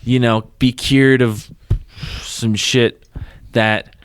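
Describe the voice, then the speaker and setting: A man co-hosting a comedy podcast, rambling through news with halting restarts in a casual chat. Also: medium pitch, level tone, a little hiss or hum. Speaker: podcast co-host.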